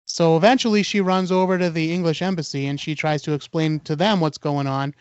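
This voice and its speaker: A man's voice: fairly high pitch, brisk, smooth, no room sound, highs cut off. A man hosting a podcast, retelling an urban legend casually with lots of fillers and acted-out dialogue. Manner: animated retelling, acts out dialogue, many fillers. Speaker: podcast host.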